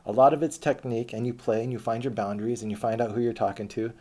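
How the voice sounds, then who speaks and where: A man's voice: mid-range voice, fairly even intonation, quick pace, a little mellow. A man telling a rambling autobiographical story in a casual, profane way, with many restarts and fillers. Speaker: storyteller recounting his dating life.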